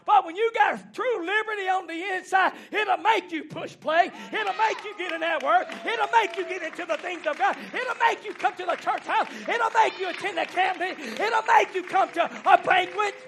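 A man preaching a fiery revival sermon, shouting in rhythmic repeated phrases and calling out to the congregation. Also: very high-pitched, normal speed, few pauses, a faint crowd, a little hiss or hum. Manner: shouting, rhythmic repetition, call-and-response exhortation. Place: church banquet hall.

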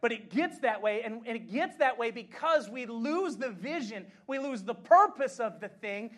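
A male pastor from the United States preaching a sermon, swinging between impassioned shouting and chatty, laughing storytelling. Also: extremely high pitch, animated, normal speed. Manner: chatty anecdote-telling with frequent laughs.

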